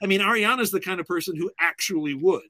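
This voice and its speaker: Man telling lively anecdotes, dry sound. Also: high voice, fast, no echo. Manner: lively anecdotal, many restarts. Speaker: filmmaker guest. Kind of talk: casual interview storytelling.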